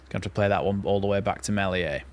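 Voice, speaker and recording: Speaking fast in a low-pitched voice, this watchalong host is a man covering a live football match. He calls the action play by play, reacting with a fan's excitable commentary.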